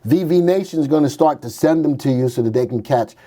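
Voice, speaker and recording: Here a stock show host speaks in a mellow, somewhat high voice at a fairly quick clip. His livestream commentary is casual, full of jokes and thinking aloud as charts come on screen.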